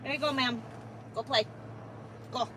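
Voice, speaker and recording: Woman trucker chatting on a live stream, bit high voice, talks to her cat a lot, loud truck cab noise behind. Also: fairly even intonation, measured pace. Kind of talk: casual live-stream chat.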